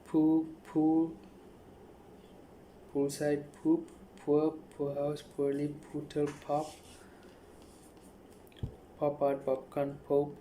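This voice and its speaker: A man reading dictionary headwords aloud one after another in a rapid, monotone list. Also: on the high side, a little hiss or hum. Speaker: youtuber.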